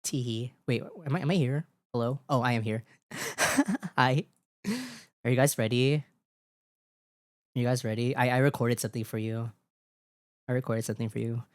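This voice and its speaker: A woman's voice: very deep voice, steady tone, moderate pace, long pauses, dry recording, studio quality. Giggly flustered woman streamer. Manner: giggly and flustered, repeats herself often; cutesy playful tone. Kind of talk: live stream chat. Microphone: desk microphone.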